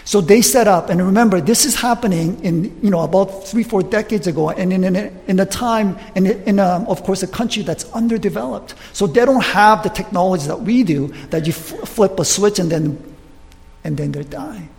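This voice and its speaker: High-voiced gravelly preacher in a hall. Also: male voice, normal speed. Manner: animated retelling with acted quotes, frequent restarts. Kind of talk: sermon storytelling.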